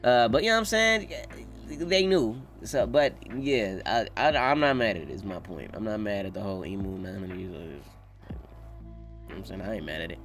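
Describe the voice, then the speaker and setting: A man's voice: lowish voice, animated, fairly quick, a bit bright, faint music behind. Laid-back male streamer, casual and profane. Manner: loose, profane, reads chat aloud, laughs often. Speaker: streamer reacting to a manga chapter. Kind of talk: live reaction stream, casual chat.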